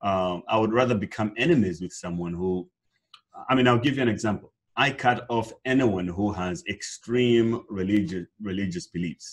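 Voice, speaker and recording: A man's voice: fairly low pitch, normal speed, slightly rough. A man in his twenties from Africa, a podcast guest speaking bluntly and emphatically in a casual interview. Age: 20s.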